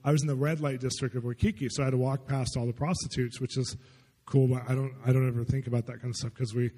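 A man preaching a sermon as a testimony story. He rambles excitedly with many fillers. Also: mid-range voice, fast. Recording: long hall reverb.

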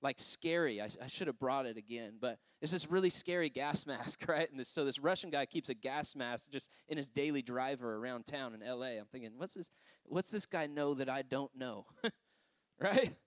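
A man's voice: mid-range voice, moderate pace, no echo. Man preaching in a chatty, laughing way. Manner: conversational storytelling, frequent laughs and asides. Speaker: pastor. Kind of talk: sermon.

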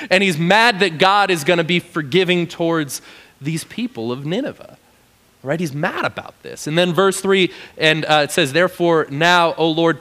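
A man gives a relaxed, conversational sermon, scattering "like" through his sentences and slipping into animated voices for the people he quotes. His voice sits a little high and rings bright and forceful. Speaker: pastor. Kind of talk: casual sermon.

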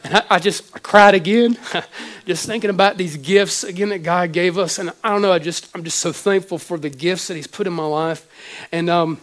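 Emotional high-voiced man preaching. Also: fairly bright tone. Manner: emotional, halting with many restarts. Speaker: pastor. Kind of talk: sermon.

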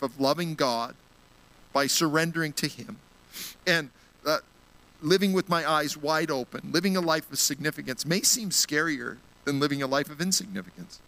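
A man's voice: on the high side, pushed and bright, poor audio. A man giving an earnest sermon, telling a personal story and appealing to the congregation. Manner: earnest storytelling, gets emotional. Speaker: guest speaker at a church.

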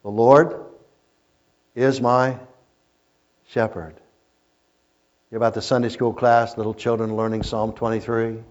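A man preaching a sermon as a pastor, telling stories and swinging between loud emphasis and quiet asides. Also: medium pitch, flat delivery, measured pace, pauses often. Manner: storytelling preacher, rising and falling in intensity. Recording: muffled lo-fi recording.

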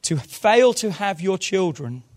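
A man preaching a sermon in a church service, moving fervently from quiet low asides to loud shouted calls. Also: very animated, measured pace. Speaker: pastor.

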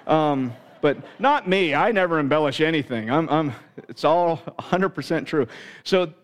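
A middle-aged man from Pennsylvania, a pastor delivering a sermon through an animated, self-mocking story. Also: fairly high pitch, normal speed, big-room sound.

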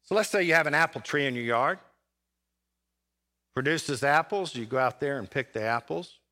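A man pastor preaching a sermon, with dramatic pauses and big swings between loud and soft. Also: medium pitch, lively intonation. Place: church sanctuary.

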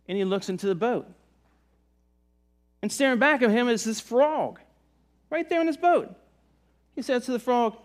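A man from the Virginia mountains preaching a sermon in a relaxed, conversational way, joking with the congregation. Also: sits high, moderate pace. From Virginia mountains, USA. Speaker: pastor. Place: church service.

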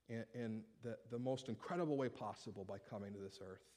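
A male pastor delivering a sermon in an animated, humorous, conversational way. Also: mid-range voice, normal speed.

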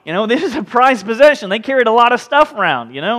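A man preaching a sermon as pastor, lively, often acting out the voices of people in the story. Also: extremely high pitch, quick pace, few pauses. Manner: animated, acts out voices in the story. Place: church sanctuary. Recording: hall reverb.

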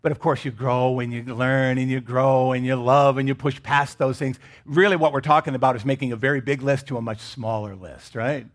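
A middle-aged man from Michigan preaching a sermon as pastor, animated and joking with the congregation in casual asides. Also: medium pitch, brisk, hardly any pauses.

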